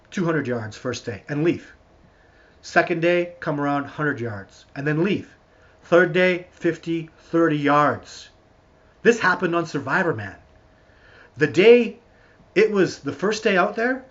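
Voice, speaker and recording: A man hosting a live stream, answering viewer questions in a rambling, animated storytelling way with lots of restarts. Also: medium pitch. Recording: dull lo-fi stream audio.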